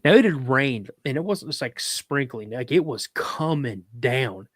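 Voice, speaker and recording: A man's voice: medium pitch, lively intonation, unhurried, no room sound, clean studio sound. A man, a podcast guest, telling a story in casual chat, rambling with restarts and fillers and acting out other people's lines in a raised voice.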